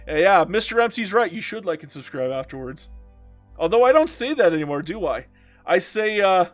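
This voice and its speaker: A man's voice: fairly high pitch, expressive, moderate pace, soft background music. A man streaming a strategy game, chatting casually, joking and reading viewer comments aloud as he plays. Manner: joking, talks to himself and reads chat aloud.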